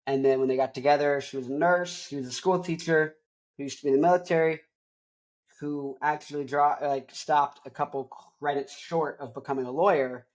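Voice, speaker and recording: A man's voice: a little high, steady tone, fairly quick. A man in his twenties hosting a show, talking casually in a rambling, tangent-prone way. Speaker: host. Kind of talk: casual chat.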